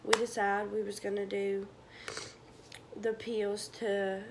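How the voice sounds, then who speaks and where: A young woman, telling a painful personal story to camera, tearful and halting, sometimes sinking to a whisper. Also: medium pitch, flat delivery, darkish tone, a little hiss or hum. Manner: emotional, halting, drops to a whisper at times. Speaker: vlogger.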